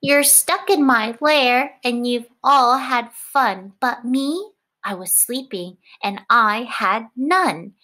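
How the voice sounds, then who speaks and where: A woman's voice: on the high side, slow, sharp tone. A woman voicing a grumpy, lonely male bear in a storybook read-aloud, with a raised, complaining voice. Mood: grumbling.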